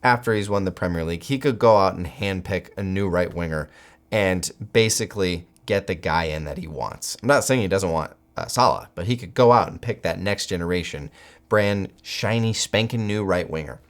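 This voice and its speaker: An American man hosting a football channel, giving solo commentary with animated, incredulous outbursts. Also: sits low, normal speed.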